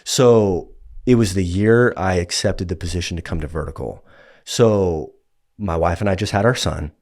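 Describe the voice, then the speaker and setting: Deep-voiced laid-back pastor, man. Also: normal speed, a little mellow. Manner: laid-back, heavy on "like" and "dude". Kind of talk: casual podcast conversation.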